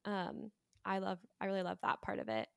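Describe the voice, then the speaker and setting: A woman talks through a film in relaxed podcast chat, her voice smooth and resonant. The sound is dry and close, with no room around her. She strings her thoughts together loosely, peppered with "like.". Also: medium pitch, fairly quick, no room sound. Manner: chatty, heavy use of "like". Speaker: podcast panelist. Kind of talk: casual movie discussion.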